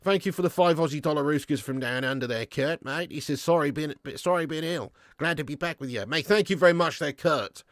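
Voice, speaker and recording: Excitable, swearing male football fan streamer. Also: a little fast, hardly any pauses, no echo, clean studio sound. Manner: excitable, swears and shouts at players, then drops to low mutters. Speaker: fan commentator hosting a live watch-along. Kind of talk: casual live-stream match commentary and chat reading.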